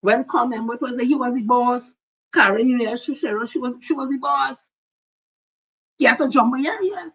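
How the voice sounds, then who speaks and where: A woman's voice: sits high, moderate pace, a bit bright, breathy edge, highs cut off. An older woman with a Trinidadian accent, hosting blunt, heated political commentary. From Trinidad and Tobago. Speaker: host.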